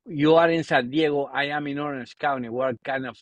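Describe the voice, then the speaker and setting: A man's voice: a little high, fairly even intonation, fairly quick, a crowd in the background, low-quality recording. A man with an Argentine accent, speaking English as a second language, hosting a casual podcast interview and often restarting his sentences as he searches for words. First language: Spanish. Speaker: podcast host.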